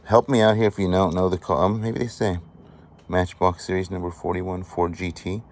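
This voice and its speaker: A man vlogging as he sorts a storage unit find, chatting excitedly and appraising each item aloud. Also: low-pitched, moderate pace, a little hiss or hum. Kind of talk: casual show-and-tell commentary.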